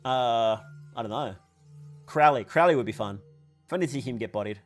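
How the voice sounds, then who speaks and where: A man's voice: mid-range voice, moderate pace, soft background music. A tired man hosting a livestream, reading chat questions aloud. He rambles, swears casually and laughs often, and his voice is wearing thin. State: tired, voice weakening. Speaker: livestream host answering chat.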